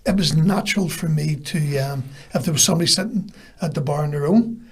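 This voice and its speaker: Husky Northern Irish man telling stories. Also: fairly high pitch, fairly quick. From Belfast, Northern Ireland. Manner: anecdotal, acts out quoted lines. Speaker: guest. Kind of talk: casual storytelling.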